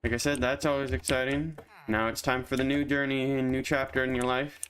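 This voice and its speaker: A man's voice: mid-range voice, level tone, fairly quick, fairly bright tone, slight background noise. A man streaming a game, chatting casually and teasing his viewers while he plays, laughing often. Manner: joking, teasing, answers chat, laughs often. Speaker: gaming streamer. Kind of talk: casual live-stream chat over gameplay.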